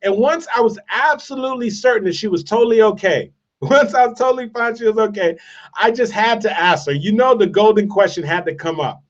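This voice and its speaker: A man's voice: sits high, a little fast. A man giving a motivational speech, telling a story with emphatic repetition. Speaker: motivational speaker. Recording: distant, dull lo-fi sound.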